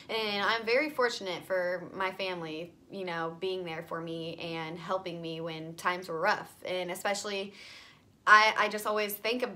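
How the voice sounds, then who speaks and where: A young woman talks straight to her camera from her bedroom. Her voice is bright and forward, and she tells her story in a loose, rambling way, full of "like" and "you know". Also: medium pitch, steady tone, brisk, a little hiss or hum. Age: young adult. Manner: rambling, filler-heavy, frequent "like" and "you know". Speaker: vlogger. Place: home bedroom.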